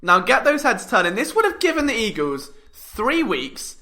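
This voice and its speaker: A young British man hosting a sports podcast, talking in a jokey, animated, self-mocking way. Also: very high-pitched, moderate pace. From Britain. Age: young adult. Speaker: podcast host.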